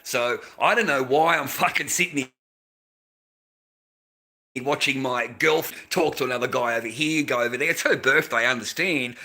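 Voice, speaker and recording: A man's voice: medium pitch, sharp tone. A man telling a crude story in casual chat, swearing a lot and calling the listener mate and bro. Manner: profane, blokey, repeats "mate" and "bro".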